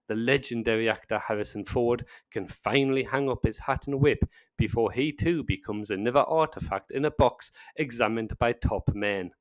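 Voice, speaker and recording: A man's voice: on the low side, no room sound. Sardonic Northern English man narrating. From north of England. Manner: sardonic, sarcastic asides. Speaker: video essayist. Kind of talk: scripted narration.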